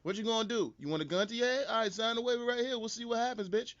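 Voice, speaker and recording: A man's voice: very high-pitched, racing, a bit bright, highs cut off. A man doing a mock-friendly, menacing park greeter.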